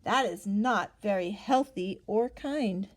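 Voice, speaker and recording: A woman reading a picture book aloud to children, pausing to ask them gentle questions. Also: mid-range voice. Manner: gentle, asks the listener questions, gasps for effect.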